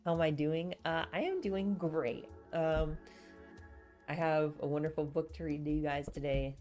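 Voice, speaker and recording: Low-voiced chatty woman streamer. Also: steady tone, normal speed, darkish tone, faint music behind. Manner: chatty, rambling, easygoing. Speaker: streamer reading a novel aloud. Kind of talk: casual live stream chat and book reading.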